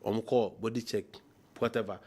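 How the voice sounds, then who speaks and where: A man's voice: fairly low pitch, steady tone, moderate pace, darkish tone, husky. A Ghanaian man speaking with passion on a political talk show, mixing Twi and English. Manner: impassioned, mixes Twi and English.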